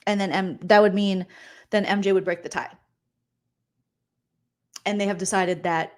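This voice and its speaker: A woman comedian recapping reality TV in an animated, gossipy, sarcastic way. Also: medium pitch, a little slow, long pauses. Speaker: comedian host.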